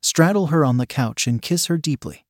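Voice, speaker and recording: A man reading a first-person story aloud in an even, matter-of-fact way. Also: fairly high pitch, moderate pace, dry recording, clean studio sound. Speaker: narrator.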